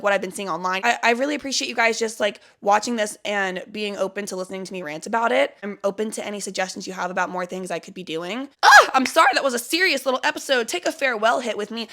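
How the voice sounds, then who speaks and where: A woman's voice: fairly high pitch, bright, forceful tone. A woman talking in a casual confessional vlog as a spiritual content creator, rambling and searching for words with lots of "like".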